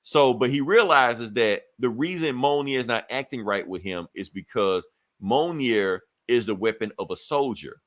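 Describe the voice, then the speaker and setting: A man in a relaxed podcast chat recaps a comic book plot in a loose, animated way. He swears freely and slips into quick voices for the characters as he tells it. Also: mid-range voice. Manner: animated storytelling, acting out characters' lines, profane. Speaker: podcast co-host.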